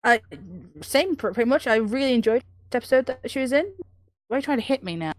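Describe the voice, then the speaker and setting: A woman's voice: a little high, lively intonation, fast, a little hiss or hum. A woman co-hosting a podcast over a video call, chatting casually and giggling at her own jokes. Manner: giggly, self-deprecating. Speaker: podcast co-host. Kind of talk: casual chat.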